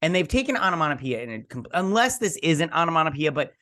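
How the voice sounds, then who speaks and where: A man hosting a casual episode recap, chatty and animated, slipping into playful voices as he retells scenes. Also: on the high side, fast. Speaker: host.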